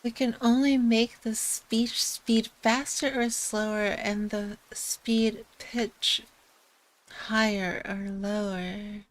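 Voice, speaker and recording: A woman's voice: fairly high pitch, fairly even intonation, slow. A woman streaming, chatting casually and laughing often. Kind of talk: casual chat.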